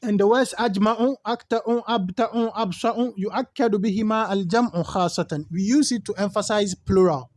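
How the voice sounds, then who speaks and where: High-voiced man teaching grammar. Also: fast talker, darkish tone, no room sound. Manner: reads Arabic text, then explains in English; patient, repeats points for learners. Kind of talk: recorded lesson.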